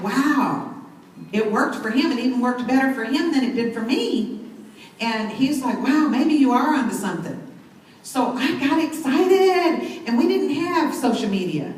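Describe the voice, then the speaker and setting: A woman's voice: high voice, animated, measured pace, darkish tone, recorded from a distance. A middle-aged woman, telling an enthusiastic story to a crowd at a sales event. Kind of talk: motivational talk on stage. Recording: very echoey hall, mic set back, faint noise.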